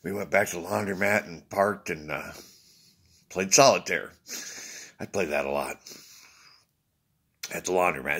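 Tired man, husky and low, lively pitch, rambling casual monologue to camera, swearing. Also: a little slow, long pauses. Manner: rambling, swears freely, acts out quoted exchanges. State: tired from little sleep. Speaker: vlogger addressing viewers.

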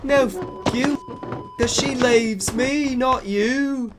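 Man putting on a petulant goth boy, lilting, slow, noisy recording. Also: high-pitched, very animated, pitched above the performer's own voice, heavily acted. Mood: whiny yelling. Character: young male brooding goth boyfriend, petulant.

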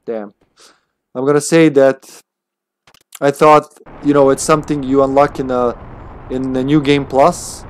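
A man's voice: medium pitch, steady tone, a little slow, long pauses, slight background noise. A man streaming a game, chatting casually as he plays, swearing freely and thinking aloud. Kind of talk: casual gameplay commentary.

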